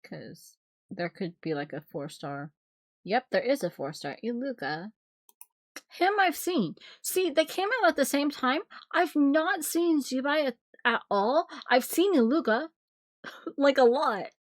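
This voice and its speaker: A woman streamer reacting casually on a live stream, expressive and swearing, often laughing. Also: sits high, unhurried, dry recording, clean studio sound.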